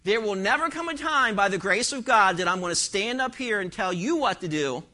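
A man's voice: sits high, lively intonation, brisk, pushed and bright. A man, a pastor, preaching an emphatic sermon in church and firing rhetorical questions at his congregation. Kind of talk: expository sermon.

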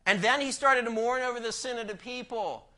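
A man's voice: extremely high pitch, fairly quick, pushed and bright. A man preaching a sermon, emphatic, asking the congregation rhetorical questions and telling a story.

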